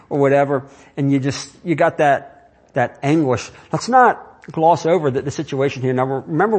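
A man preaching a sermon in a conversational way, asking his listeners question after question. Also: mid-range voice. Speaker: pastor.

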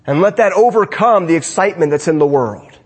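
A man giving a sermon to his congregation in a church, preaching with animated swings between emphatic and hushed lines. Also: sits high, fairly quick, husky. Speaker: pastor. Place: church sanctuary.

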